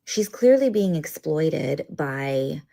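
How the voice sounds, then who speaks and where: A woman's voice: low voice, lively intonation, slow pace, vocal fry, warm tone. A woman reacting in a social media clip, drawling and profane, padding her speech with "like". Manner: drawling, filler-heavy, profane.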